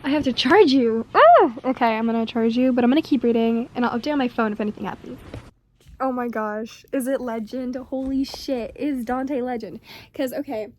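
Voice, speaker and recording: A young woman chatting casually in a reading vlog, excitable, gasping and swearing as she reacts. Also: a little high, fairly quick, a little hiss or hum. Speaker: book vlogger.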